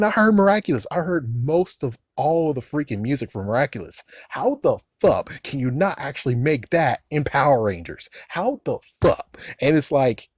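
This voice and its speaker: A man's voice: on the high side, a little mellow, dry recording, clean studio sound. A man giving casual, ranting reaction commentary, swearing often and laughing between remarks. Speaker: YouTuber giving opinions.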